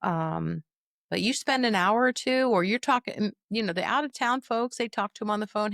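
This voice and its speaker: A middle-aged woman, a dementia caregiver and trainer, coaching listeners on a podcast in a lively, folksy, direct way. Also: medium pitch, moderate pace, creaky, no room sound, studio quality. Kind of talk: podcast teaching monologue.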